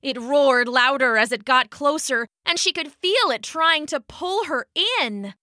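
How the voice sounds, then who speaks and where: A woman narrating a children's story in an expressive, unhurried reading. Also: sits high, no room sound, clean studio sound.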